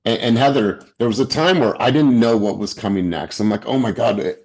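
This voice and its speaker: A man's voice: medium pitch, fairly quick, a little mellow. A man hosting a motivational group video call, encouraging and upbeat in a pep-talk way.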